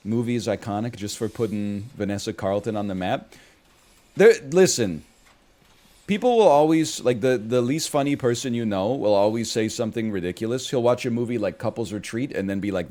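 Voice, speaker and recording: A man's voice: fairly low pitch, fairly quick, dark tone. A young man chatting casually while he plays a game, rambling and joking with riffs and mock screams. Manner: jokey, trails off into riffs and bursts into mock screams.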